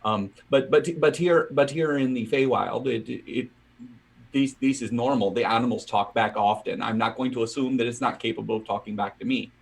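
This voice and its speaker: A man's voice: mid-range voice, moderate pace, gravelly, breathy edge. A man playing a tabletop game, earnest and prone to stammered restarts. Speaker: player.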